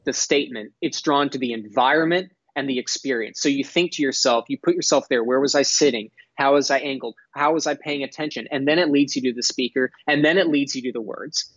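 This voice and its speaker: A young man from Texas gives an earnest, articulate podcast interview. His words come out measured, with small restarts as he builds each point. The sound is dry and somewhat dull, with no room around it. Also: mid-range voice, fairly bright tone, slightly rough, no room sound. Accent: none, mostly neutral American with a faint Texas drawl at times. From Dallas, Texas. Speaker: guest, entrepreneur.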